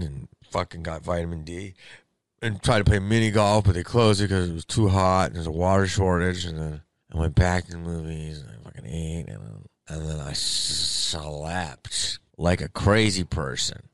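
Very deep-voiced, rambling, foul-mouthed comedian. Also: male voice, no room sound. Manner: rambling and heavily profane. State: sick with covid. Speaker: stand-up comedian. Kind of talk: casual storytelling monologue.

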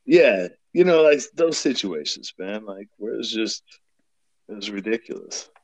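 A man's voice: on the low side, lively intonation, unhurried, no room sound, rough recording. A man who served as an army medic, chatting casually in a laid-back, rambling way with many fillers. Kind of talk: casual chat.

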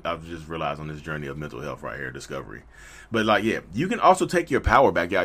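Animated, slangy low-voiced man. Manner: animated, preachy, slangy, acts out quick skits. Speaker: mental health vlogger. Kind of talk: casual direct-to-camera monologue.

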